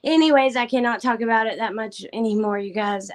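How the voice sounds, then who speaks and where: A woman hosts a casual livestream chat while fighting back tears, thanking viewers one by one by name as her voice keeps dropping to a whisper. She speaks briskly, in a voice on the high side.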